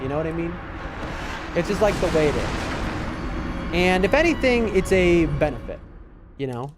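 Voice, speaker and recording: A man's voice: on the high side, big pitch swings, normal speed, background noise. An American man in his late twenties, a streamer chatting casually with his chat while he plays, rambling and talking back to viewers. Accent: American, shifting East Coast. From United States. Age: late 20s. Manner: chatty, rambling, answers chat mid-game. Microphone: headset. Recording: loud music behind.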